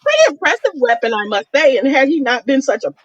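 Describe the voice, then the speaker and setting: A woman co-hosting a podcast, telling a funny date story in casual chat and acting out each quote with big jumps in pitch. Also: sing-song, fast, a bit bright, husky, no room sound, dull audio. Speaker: podcast co-host.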